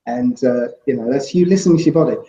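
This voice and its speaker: A man's voice: mid-range voice, fast, mellow. Man with a roomy, muffled sound. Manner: rambling, full of "you know" and "right?". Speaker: guest. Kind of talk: casual interview chat.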